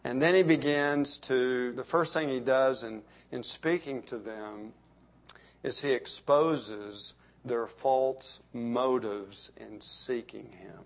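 A middle-aged male pastor preaching a sermon, building emphasis on key phrases and letting sentence endings fall soft. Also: mid-range voice, unhurried.

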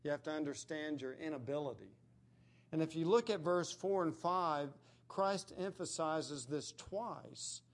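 Earnest man preaching, slightly high voice. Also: measured pace. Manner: earnest, emphatic preaching with rising stresses. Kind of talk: sermon.

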